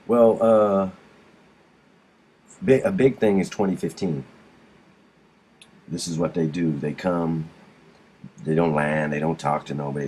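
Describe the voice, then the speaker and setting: Very deep-voiced man telling a story. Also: a little mellow, slight background noise. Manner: rambling, with frequent restarts and blunt swearing. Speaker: guest describing alien abduction. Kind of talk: casual storytelling in a recorded interview.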